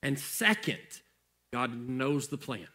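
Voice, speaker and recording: A man's voice: mid-range voice, big pitch swings, takes it slowly, bright, forceful tone. A male pastor preaching a sermon in a conversational way, repeating phrases for emphasis.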